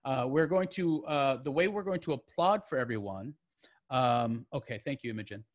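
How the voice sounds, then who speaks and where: A man's voice: medium pitch, moderate pace, dry recording. A man hosting a poetry open mic over a video call, chatty and joking, with many fillers and restarts.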